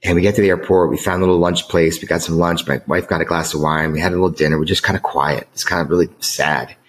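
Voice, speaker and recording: A man's voice: low voice, steady tone, quick pace. A middle-aged man from the United States telling a personal story as an interview guest, emotional, earnest and emphatic. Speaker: guest author.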